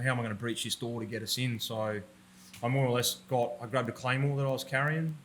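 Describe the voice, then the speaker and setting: Bright-voiced Australian man telling blunt war stories. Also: medium pitch, a little hiss or hum. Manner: profane, blunt, laughs through his own stories. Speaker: podcast guest, army veteran. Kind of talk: conversational war storytelling. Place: room with a roller door.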